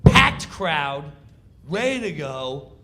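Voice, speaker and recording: A man telling an animated comedic backstage story, acting out the scene as he goes. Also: a little high, drawn-out words, vocal fry.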